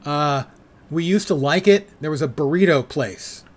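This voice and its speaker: An older man in his sixties talks casually while playing a game live, his voice sitting a little high. He rambles easily between gameplay and small talk, dropping dry, self-mocking jokes. He sounds close to a desk mic at home. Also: moderate pace, slight background noise. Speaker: streamer.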